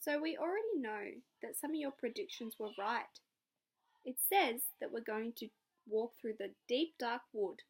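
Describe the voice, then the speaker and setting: A woman's voice: a little high, animated, normal speed, breathy edge. A young woman teacher reading a picture book aloud to children, asking the class encouraging questions. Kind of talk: read-aloud lesson for children.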